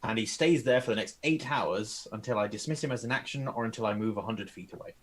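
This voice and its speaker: A young man playing a tabletop game, calmly reading out spell rules in a measured way. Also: on the low side, rough recording. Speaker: player. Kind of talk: casual tabletop game play.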